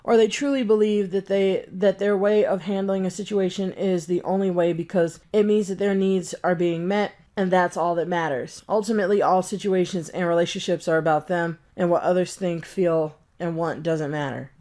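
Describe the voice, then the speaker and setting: A woman's voice: on the low side, fairly even intonation, moderate pace, few pauses, dark tone. Indignant woman ranting in commentary. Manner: indignant, sarcastic, swings between mocking and scolding. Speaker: commentary YouTuber.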